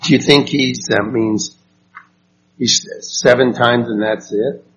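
A man's voice: mid-range voice, fairly even intonation. A man teaching a Bible study class, reading verses and asking the group questions. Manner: slow and unhurried, asks the group questions. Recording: dull lo-fi recording with faint noise.

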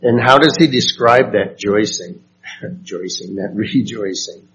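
Slow-paced man leading a Bible study. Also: lowish voice, fairly bright tone. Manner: slow and unhurried, asks the group questions. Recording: dull lo-fi recording with faint noise.

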